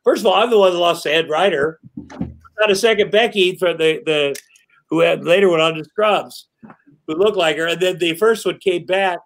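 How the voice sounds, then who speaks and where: His voice sits high and moves at normal speed as this middle-aged guest spins stories on a podcast. The casual storytelling interview finds him rambling, swearing, and performing quoted voices.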